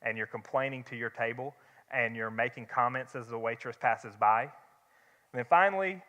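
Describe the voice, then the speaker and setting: A man's voice: mid-range voice, normal speed, sharp tone, muffled recording. A young man teaching a church Bible study in a conversational way, with rhetorical questions and restarts. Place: church hall. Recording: long hall reverb.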